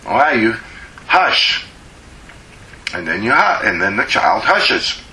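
A man preaching a sermon as a pastor, slow and emphatic, drawing out words to press his points. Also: on the low side, very animated, pushed and bright, reverberant, rough recording.

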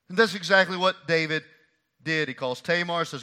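A man preaching a sermon, emphatic and repeating phrases for stress, swinging between hushed and loud. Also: sits high, lively intonation, normal speed, smooth. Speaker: pastor.

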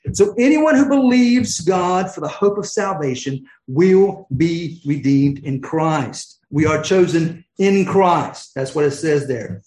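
A male preacher delivering a sermon with fervent swings between exclamations and hushed near-whispers. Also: fairly high pitch, echoey room, poor audio.

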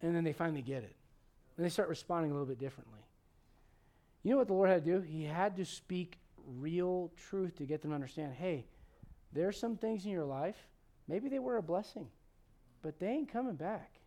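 A man with a notably high voice preaches a sermon in a loose, conversational way. He jokes, quizzes his listeners, and swings from forceful, loud emphasis down to quiet, almost muttered asides. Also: lively intonation, a little fast. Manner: humorous, asks the congregation questions. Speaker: pastor.

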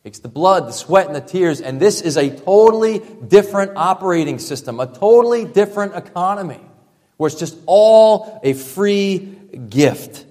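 A male pastor preaching a sermon, emphatic, dropping to a hush for effect and piling up repeated phrases. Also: high-pitched, lively intonation, moderate pace. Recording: long reverb from a large hall.

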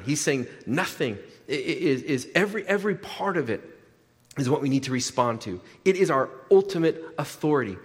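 A man preaching a sermon with a slightly higher voice than most men. He speaks conversationally, repeats his points for emphasis and often restarts his phrases. His voice carries a long reverb, as in a large church hall. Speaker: pastor.

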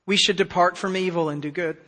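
A man preaching a sermon as pastor, emphatic, swinging between hushed stretches and loud declarations. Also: sits high, steady tone, quick pace. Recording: long hall reverb.

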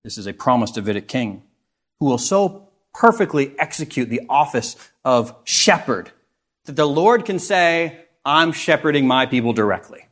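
A man's voice: medium pitch, big pitch swings, moderate pace, fairly bright tone. A man teaching a Bible lesson, reading scripture aloud and asking his listeners rhetorical questions.

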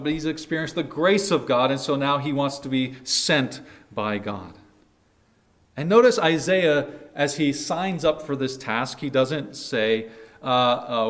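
A man delivers a sermon at an unhurried, deliberate pace. His pitch sits in the ordinary middle for a man. He swells loud and earnest on quoted lines, then sinks to a near hush at phrase ends. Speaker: pastor.

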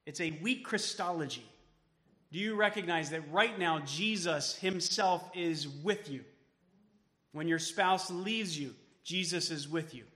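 A man preaching a sermon as pastor, emphatic, then dropping to soft tones for quoted words of comfort. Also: fairly high pitch, long reverb tail. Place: church sanctuary.

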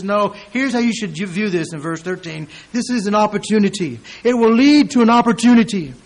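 Guy preaching a verse-by-verse sermon, fairly high voice, gets loud and punchy on the scripture quotes. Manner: rises to loud emphatic peaks when quoting scripture. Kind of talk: expository sermon.

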